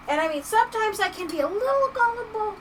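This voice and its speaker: A woman's voice: very high-pitched, recorded from a distance, a little hiss or hum, low-quality recording. A woman chatting casually on a live stream, laughing often and reading chat messages aloud while she works.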